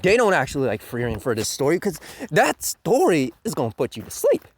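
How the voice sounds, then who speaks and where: A man's voice: a little high, huge pitch swings, brisk. A man giving a crude, mocking countdown rant as an anime reviewer, swearing often and sneering at fans. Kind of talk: ranting countdown commentary.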